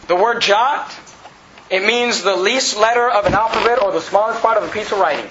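High-voiced preacher man in roomy church. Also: fairly quick, background noise. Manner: emphatic, repetitive preaching with rising shouts. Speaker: pastor. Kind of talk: sermon. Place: church hall. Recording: roomy, slightly dull, congregation audible. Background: congregation responding.

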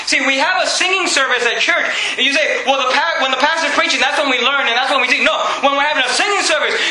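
Emphatic male pastor mid-sermon, high ringing voice, roomy church sound. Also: bright, forceful tone, slight background noise. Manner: emphatic, preaching with frequent restarts and read-aloud hymn lyrics.

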